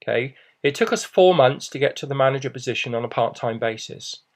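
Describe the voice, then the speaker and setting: A man's voice: medium pitch, lively intonation, a little fast. A middle-aged man giving a persuasive business presentation, reassuring and often adding "okay" and "you know".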